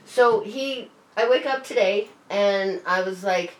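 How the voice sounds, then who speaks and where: A woman telling stories in casual chat, animated and quick to swear and laugh. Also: medium pitch, far from the mic. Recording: roomy, off-mic, faint hiss.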